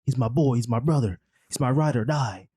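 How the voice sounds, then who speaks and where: A man's voice: mid-range voice, brisk, dark tone, breathy edge, no room sound, clean studio sound, close to an everyday voice. A man doing a slangy, earnest super soldier hero.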